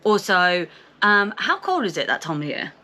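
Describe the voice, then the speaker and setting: A young woman with a Portsmouth English accent, chatting animatedly and reading viewer comments aloud on a travel vlog. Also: mid-range voice. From England. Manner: chatty and animated, quick reactions. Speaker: travel vlogger.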